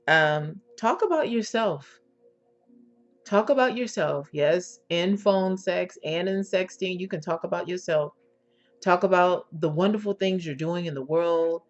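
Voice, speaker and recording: A woman giving an instructional talk as an intimacy coach, in a sultry, drawn-out manner, often checking in with "okay?" and using endearments. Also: lowish voice. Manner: endearments to the listener. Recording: dull lo-fi recording with faint music.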